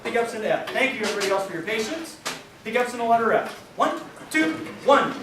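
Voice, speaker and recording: High-voiced band director, echoey room. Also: male voice, animated, fast, recorded from a distance. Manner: sings rhythms on syllables, counts off. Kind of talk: band rehearsal instruction. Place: large band rehearsal room. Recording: echoey rehearsal room from afar with band music. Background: band playing.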